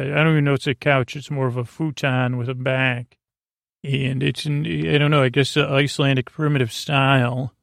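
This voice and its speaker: A man hosting a sleep podcast, recapping an episode in a rambling, halting way with many filler sounds. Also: vocal fry, no room sound, clean studio sound. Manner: low-key, flat and meandering. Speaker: podcast host.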